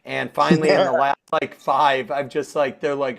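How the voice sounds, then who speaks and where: A man's voice: mid-range voice, flat delivery, brisk, creaky, few pauses. A veteran hockey player, a man teased as old, telling wry, boastful stories. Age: older adult. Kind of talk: casual chat.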